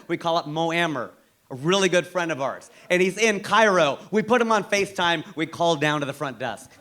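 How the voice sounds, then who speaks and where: An American man works a stand-up crowd in a fairly high, bright voice that swoops up and down. He grows animated and punches his lines with exclamations. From United States. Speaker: stand-up comedian. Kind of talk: stand-up comedy routine. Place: comedy stage before a live audience.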